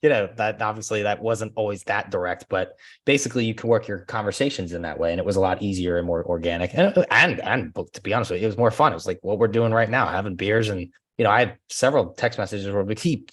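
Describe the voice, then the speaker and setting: رجل سريع الكلام بصوت منخفض. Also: male voice, lowish voice, fast. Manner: laughing, animated storyteller acting out conversations. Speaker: podcast guest, real estate agent. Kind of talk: casual interview chat.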